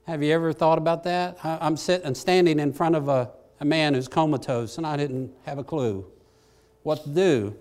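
A middle-aged man preaching, telling a personal story in a folksy, self-deprecating way that swings from hushed to excited. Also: fairly high pitch, moderate pace. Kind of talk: sermon storytelling.

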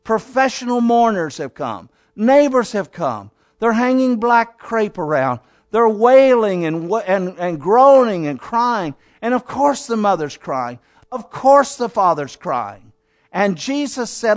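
Dramatic male preacher, high voice, hushed-to-loud sermon delivery. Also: expressive, unhurried.

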